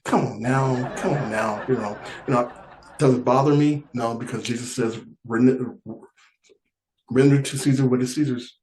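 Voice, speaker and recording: A man's voice: mid-range voice, steady tone, normal speed, roomy sound, a crowd in the background, poor audio. Rambling laughing male stand-up comic. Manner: rambling and repetitive, laughing through lines. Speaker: stand-up comedian. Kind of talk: stand-up comedy set.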